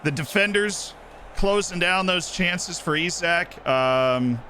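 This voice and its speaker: A young man streaming himself playing a football management game, muttering asides and then shouting with delight when his team scores. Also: high voice, slow, a little hiss or hum. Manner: excitable, swings from mumbled asides to shouting at goals. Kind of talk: live gameplay commentary.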